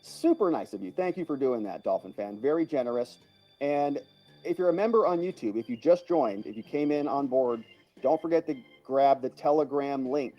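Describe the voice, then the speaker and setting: A man's voice: mid-range voice, lively intonation, moderate pace, dull audio, soft background music. A man hosting a casual livestream, chatty and chuckling as he thanks viewers by name and reacts to their comments. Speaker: livestream host.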